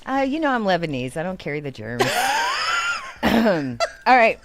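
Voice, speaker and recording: A woman's voice: lowish voice, very animated, a little fast, over music. A woman with a Texan accent co-hosting a casual chat show, giggly and prone to wheezing laughter. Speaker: co-host.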